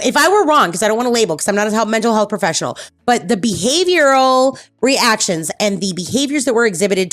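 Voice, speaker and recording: A female streamer hosts a casual personal chat, speaking bluntly and candidly, swearing freely and repeating herself for emphasis. Her voice sits at a medium pitch, and the recording is dry with a clean studio sound.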